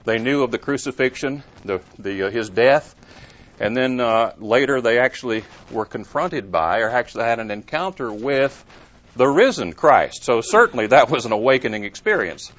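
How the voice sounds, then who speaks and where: A man's voice: mid-range voice, expressive, moderate pace, fairly bright tone. A man preaching a sermon in an earnest way, stressing points with emphatic rises and rhetorical questions. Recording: muffled lo-fi recording.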